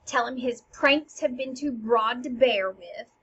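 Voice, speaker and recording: A woman's voice: a little high, unhurried, bright, forceful tone. A woman reading the lines of a bossy, meddling old royal adviser, in a slightly dull recording with faint hiss. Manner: bossy, commanding.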